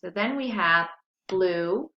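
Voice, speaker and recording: A woman's voice: medium pitch, normal speed. A woman teacher giving a recorded spelling lesson to young children, patiently sounding out words syllable by syllable. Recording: echoey room, dull lo-fi sound.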